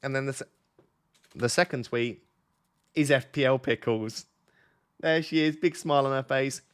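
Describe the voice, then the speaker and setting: A man's voice: medium pitch, normal speed, clear, resonant tone. A young man hosting a casual late-night live stream from his bed at home, chatty and teasing as he talks to his chat. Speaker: fantasy football streamer, host.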